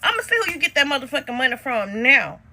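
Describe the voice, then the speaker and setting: A woman's voice: sits high, big pitch swings, quick pace, bright, forceful tone, slight background noise. A woman, telling a story to her viewers in a profane, exasperated way and calling them y'all. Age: 30s. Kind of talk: casual storytime vlog.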